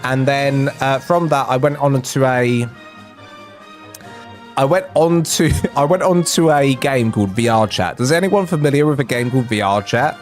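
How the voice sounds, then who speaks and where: A man's voice: mid-range voice, moderate pace, faint music behind. A man chatting casually on a live game stream, rambling and self-deprecating with a jokey manner. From England.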